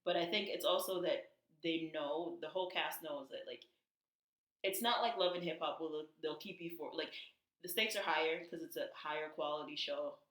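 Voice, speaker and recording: Woman, low voice, gossipy storyteller, casual chat, echoey room. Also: normal speed, fairly bright tone. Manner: gossipy storytelling, acting out quotes in high voices. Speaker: podcast co-host.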